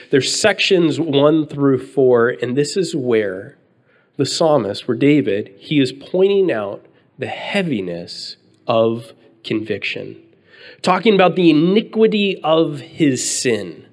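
A man in his thirties preaching earnestly, reading scripture slowly and telling a story about his children. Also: mid-range voice. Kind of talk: sermon with personal story.

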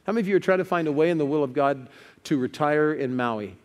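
A man's voice: on the high side, fast talker, big-room sound. A male pastor preaching a sermon, telling stories with building urgency.

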